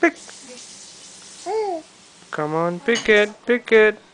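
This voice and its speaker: A woman's voice: mid-range voice, drawn-out words, poor audio. A woman coaxing a baby to pick picture books, speaking in a sing-song voice and making animal sounds. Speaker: parent reading to a baby. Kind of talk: baby talk while reading picture books.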